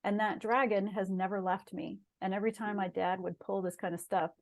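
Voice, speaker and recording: A woman's voice: mid-range voice, steady tone, a little fast. A middle-aged woman, a guest on an interview show, earnestly telling a personal story in casual conversation. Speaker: guest, shaman and massage therapist.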